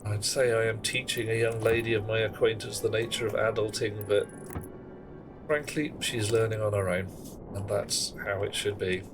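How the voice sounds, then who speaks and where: A man's voice: lowish voice, fairly even intonation, moderate pace, music in the background. A man chatting on a live game stream in a wry, theatrical way. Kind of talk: casual live-stream chat.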